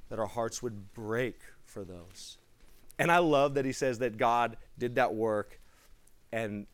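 A man giving a sermon to a live gathering, telling a personal story in an excitable, animated way. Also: medium pitch. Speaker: preacher.

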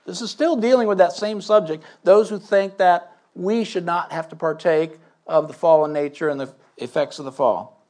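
Older man preacher, slightly high voice, emphatic sermon delivery with scripture reading. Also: moderate pace, a little mellow. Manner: emphatic, reads scripture aloud with asides and questions.

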